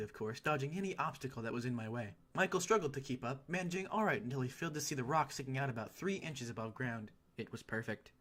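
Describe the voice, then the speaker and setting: A man reading a story aloud, with an animated delivery full of sudden loud emphatic rises. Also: mid-range voice. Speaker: reader.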